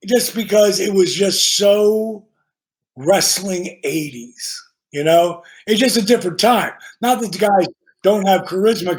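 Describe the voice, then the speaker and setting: An older man, a podcast guest who wrestled professionally, telling stories in casual, profane chat. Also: high-pitched. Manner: profane, animated storytelling with acted-out quotes.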